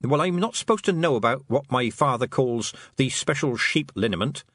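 A man's voice: medium pitch, expressive, moderate pace, a bit bright, dry recording, voice pushed up. A man reading an audiobook, voicing a stubborn young girl who talks sharply and insistently. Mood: matter-of-fact.

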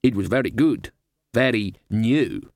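A man voicing a gruff male dwarf musician who is a blunt schemer, in an audiobook reading. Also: lowish voice, unhurried, dry recording, clean studio sound. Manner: blunt, matter-of-fact.

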